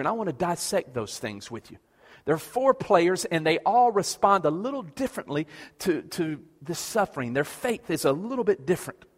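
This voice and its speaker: A man's voice: a little high, husky, big-room sound. A man preaching a passionate sermon as pastor, repeating questions and stammering through restarts.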